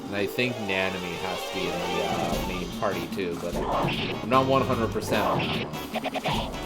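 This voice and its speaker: A man with a low-pitched voice talks at normal speed as a let's play host, casually thinking aloud while commenting on the game he's playing. Game music plays beneath his voice.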